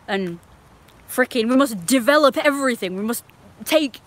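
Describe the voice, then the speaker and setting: A woman's voice: on the high side, lively intonation, moderate pace, a bit bright. A young woman on a live stream, telling a rambling, indignant story and swearing freely.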